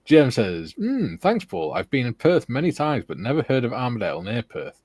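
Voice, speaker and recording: A man's voice: medium pitch, sing-song, fairly quick, a little mellow, no room sound. A man hosting a casual live stream, reading out chat messages with laughs and the odd swear word.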